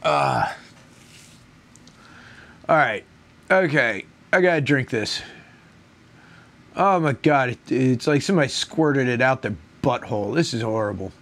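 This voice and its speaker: A man in a casual solo beer review, talking at an ordinary middle pitch. He rambles, groans and complains bluntly in coarse language. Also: big pitch swings, a little slow, long pauses, a bit bright.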